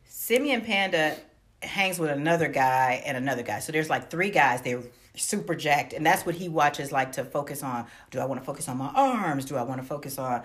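A woman co-hosting a casual chat, telling stories in a chatty, animated way and laughing often. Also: sits low, brisk.

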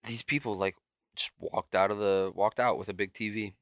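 A young co-host on a podcast rambles through stories in casual chat, swearing freely and laughing often. His voice is on the low side and steady at a normal speed, recorded dry with clean studio sound.

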